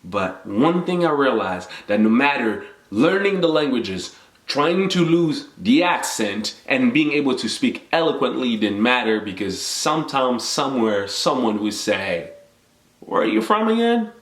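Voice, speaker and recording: A man's voice: mid-range voice, animated, a little slow, roomy sound. A young man from the Congo, a native French speaker, giving an earnest, motivational talk and laying out numbered points. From Democratic Republic of the Congo. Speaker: vlogger. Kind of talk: reflective personal talk to camera.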